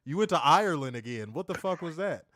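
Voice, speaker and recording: A man's voice: fairly high pitch, lively intonation, fast talker, a bit bright, no room sound. A man co-hosting a casual wrestling review show, joking loosely, reading chat comments and summarizing the episode. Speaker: podcast co-host reviewing wrestling.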